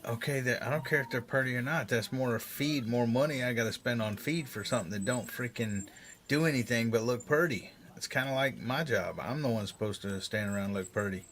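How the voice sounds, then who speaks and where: A man hosting a live stream, chatting casually, plain-spoken and quick to joke and laugh. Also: mid-range voice, a bit bright, a little hiss or hum. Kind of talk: casual chat.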